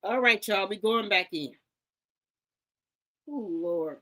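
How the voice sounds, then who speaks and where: A woman with a medium-pitched, expressive voice reacts to an interview clip in animated commentary, speaking slowly with a pushed, bright tone. Dramatic and incredulous, she swears freely, addresses her viewers directly, and swings from shrieks to muttered sighs.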